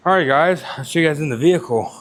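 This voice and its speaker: Winded young man vlogging his workout. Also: fairly high pitch. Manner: rambling, casual, filler-heavy. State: out of breath. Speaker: fitness vlogger. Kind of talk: casual vlog narration. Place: gym, then in a car.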